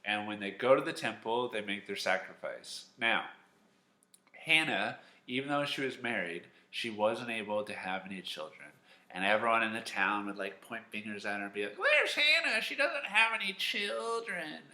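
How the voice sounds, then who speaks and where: A man teaching a Sunday school lesson at home, telling a Bible story in a lively, animated way. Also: fairly low pitch, normal speed. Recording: echoey room.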